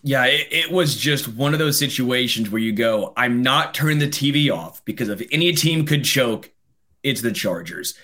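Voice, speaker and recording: A man co-hosting a casual sports podcast, reading sponsor ads at speed and ranting with animation. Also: mid-range voice. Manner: rapid-fire ad reads, animated ranting. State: winded. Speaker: podcast co-host.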